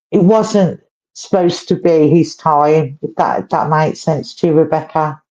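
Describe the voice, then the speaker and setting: A woman working as a medium, giving a live reading in halting, repetitive phrases and gentle questions to the sitter. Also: deep voice, fairly even intonation, muffled recording. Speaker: psychic medium.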